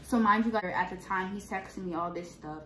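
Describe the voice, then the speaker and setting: A woman's voice: medium pitch, a little fast, bright, forceful tone, a little hiss or hum. Blunt, sassy young woman vlogger. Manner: blunt, slangy, profane and sassy. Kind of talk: casual storytime chat. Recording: echoey room.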